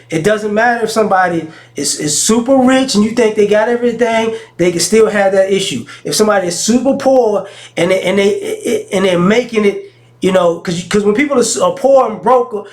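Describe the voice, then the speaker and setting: A man with a notably high speaking voice talks straight to his audience in a casual vlog. He tells stories in a frank, slangy way, often stopping and restarting mid-thought. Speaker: vlogger. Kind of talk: casual talking-head monologue.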